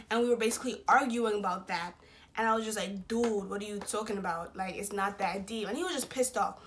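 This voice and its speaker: Bright-voiced young woman telling a story. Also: mid-range voice, a little fast, slight background noise. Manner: slangy, animated retelling with quoted voices. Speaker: vlogger. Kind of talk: casual storytime.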